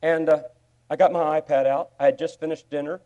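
A man preaching a sermon, telling a story with sudden swings from quiet asides to loud, excited bursts. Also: fairly high pitch, fairly quick, highs cut off. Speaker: pastor.

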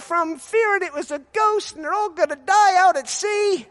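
A male pastor with a very high voice preaches fervently. His delivery swells into shouted praise, and he repeats his key lines with emphasis. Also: moderate pace. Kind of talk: sermon.

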